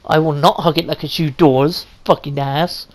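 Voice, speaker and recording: A woman's voice: sits low, steady tone, moderate pace. A woman playing a story game on a stream, swearing constantly in brash, jokey commentary. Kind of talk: profane casual gameplay commentary.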